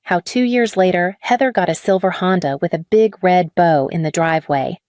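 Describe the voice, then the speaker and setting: A woman reading a scripted first-person drama story in a measured, even way. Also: lowish voice, no echo, studio quality. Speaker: story narrator.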